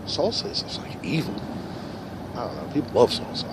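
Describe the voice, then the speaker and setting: A man rambling through a profane monologue, dropping to low mutters and then rising into loud rants, recorded in a park. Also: very animated, brisk. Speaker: vlogger. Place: park outdoors. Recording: outdoor recording with traffic noise. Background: passing cars and outdoor ambience.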